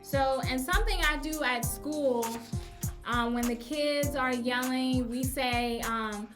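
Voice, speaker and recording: A woman's voice: high voice, slow pace, over music. A young woman hosting a casual advice podcast as a teacher, chatting and acting out phrases emphatically.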